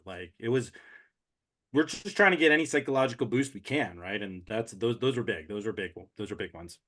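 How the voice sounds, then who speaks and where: A man's voice: on the low side, expressive, a little fast. Hyped-up man talking ultra running. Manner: hype-driven, slangy, trailing off quietly. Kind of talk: casual chat.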